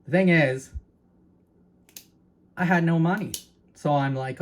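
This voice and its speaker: A man with a Canadian accent hosts his own channel, talking casually to camera and rambling, repeating words and making asides to his viewers. His voice is fairly high, and he speaks slowly with long pauses.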